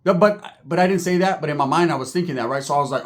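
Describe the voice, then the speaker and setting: A man's voice: a little high, racing. Profane, streetwise male storyteller. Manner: profane, streetwise, keeps asking "right?". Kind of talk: stand-up comic storytelling.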